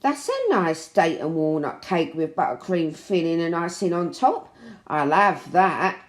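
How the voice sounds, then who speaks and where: A woman voicing a chirpy female burglar who is a mother, talking in an excitable, chatty way. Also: fairly low pitch, a little slow. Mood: sly. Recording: roomy echo.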